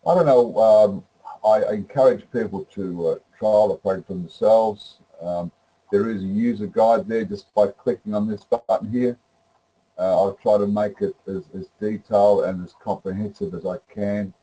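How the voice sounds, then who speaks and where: A man presenting a webinar that walks through trading software, rambling with many fillers and restarts. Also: on the low side, fairly even intonation, moderate pace, husky, rough recording. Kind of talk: live webinar demonstration.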